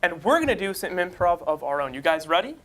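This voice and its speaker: Playful high-voiced male talk show host. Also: big pitch swings, quick pace, background noise. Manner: playful, laughs between lines. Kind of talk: comedic talk show hosting.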